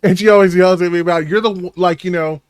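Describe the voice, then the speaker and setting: A man's voice: high-pitched, fairly even intonation, fast, clear, resonant tone, no room sound. A man co-hosting a podcast, telling rambling stories in casual chat and swearing freely. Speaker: podcast co-host.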